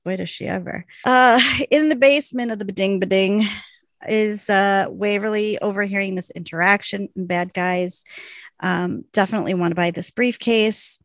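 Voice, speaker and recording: A woman's voice: mid-range voice, steady tone, normal speed, no room sound, clean studio sound. A woman co-hosting a podcast, recapping a TV episode in casual chat and eagerly acting out lines from the scenes. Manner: enthusiastic, acts out lines from scenes.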